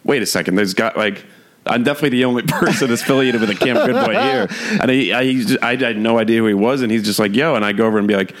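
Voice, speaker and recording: A man's voice: mid-range voice, animated, quick pace. A man co-hosting a podcast, talking loosely and laughing, swearing freely. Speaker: podcast co-host. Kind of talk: casual chat.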